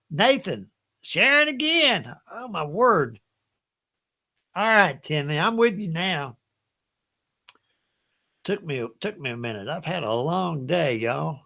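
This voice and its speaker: Older Southern man, lively, bright trivia host. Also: high-pitched, creaky. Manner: chatty, folksy, laughs often, reads each question twice. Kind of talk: hosting a live Bible trivia game.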